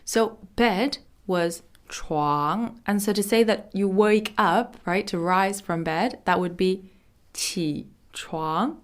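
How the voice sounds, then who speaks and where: A woman hosting a language lesson podcast, explaining phrases in a chatty way and saying model words slowly and carefully. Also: medium pitch. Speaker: Mandarin teacher.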